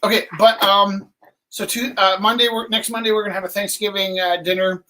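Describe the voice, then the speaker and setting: A woman's voice: medium pitch, fairly even intonation, bright, forceful tone, poor audio. Rambling, chatty woman hosting a live art auction, casual live-stream talk, everyday mid-range voice. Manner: chatty, rambling, quick asides. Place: art venue indoors.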